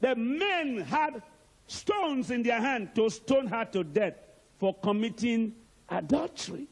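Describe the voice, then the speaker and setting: Husky, animated male preacher. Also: extremely high pitch, slow pace. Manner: emphatic, calls out to the congregation. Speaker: archbishop, preacher. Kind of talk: sermon.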